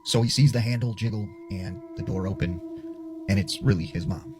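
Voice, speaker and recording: A man tells a creepy story in a casual, chatty way, his low voice swinging up and down with a lot of life. Music plays softly behind him. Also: wildly swooping pitch, moderate pace. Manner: casual, chatty, full of filler words. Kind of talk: casual spoken ghost story.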